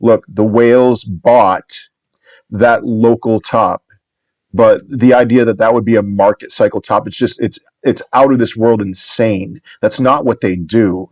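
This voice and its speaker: A man's voice: on the low side, steady tone, measured pace, darkish tone, no room sound. Man giving rambling upbeat market talk, dry sound. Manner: rambling, with frequent restarts and self-corrections; upbeat and reassuring. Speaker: crypto market commentator. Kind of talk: casual video commentary.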